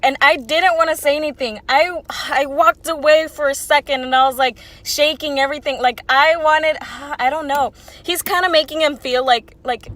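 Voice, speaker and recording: A woman's voice: high voice, moderate pace, hardly any pauses, fairly bright tone, no room sound. A woman in her twenties telling a casual storytime, rambling and swearing freely with lots of "like". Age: 20s. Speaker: vlogger.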